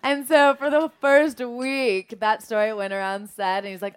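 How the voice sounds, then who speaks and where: A young woman, an actress, telling animated stories in an interview and laughing often. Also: a little high, normal speed, clean tone. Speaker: actress and guest. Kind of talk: anecdotal interview chat.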